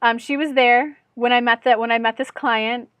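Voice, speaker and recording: A woman with a high voice tells a personal story straight to her viewers, chatty and candid, poking fun at herself. She speaks as an intuitive channel and life coach, recorded dry and close with no room sound. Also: steady tone, moderate pace, fairly bright tone, clear, resonant tone, no echo. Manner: chatty, candid, self-deprecating, often calls viewers "guys". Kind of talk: storytelling vlog addressed to viewers.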